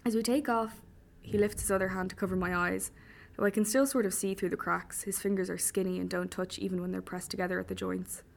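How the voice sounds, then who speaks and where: A woman's voice: mid-range voice, fairly even intonation, a little fast, gravelly. A woman reading a first-person story with dry humour. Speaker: audiobook narrator.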